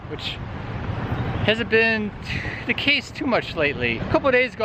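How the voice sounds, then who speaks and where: A man with a somewhat high voice talks casually to his handheld camera, rambling from one thought to the next and poking fun at himself. The recording is full of street noise around him. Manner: rambling, chatty and self-mocking. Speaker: vlogger. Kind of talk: casual vlog chat. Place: outdoors in a city, walking about.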